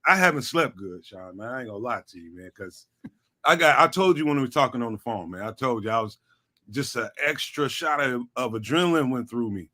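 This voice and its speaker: A man's voice: medium pitch, expressive, a little fast, bright, forceful tone. A man, guest on a sports talk show, talking casually with lots of slang and repeated fillers. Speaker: guest, network founder.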